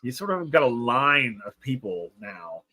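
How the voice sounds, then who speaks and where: A man's voice: mid-range voice, big pitch swings, unhurried, pushed and bright, slightly rough, no echo, low-quality recording. A man narrating a tabletop role-playing game as game master, chatty with lots of fillers. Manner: chatty, frequent laughs and fillers.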